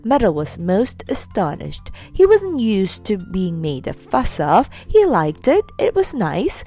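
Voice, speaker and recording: A woman reads a children's story aloud with lively, storytelling expression. Her voice sits mid-range but swoops high and low across the lines. Faint music plays behind her. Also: a little slow, hardly any pauses.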